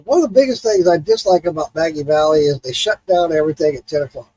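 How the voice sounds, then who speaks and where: Man, livestream host, husky, dark mellow tone, casual storytelling, swears a lot. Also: on the high side, fast, no room sound, poor audio. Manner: animated storytelling, swears freely. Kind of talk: casual chat.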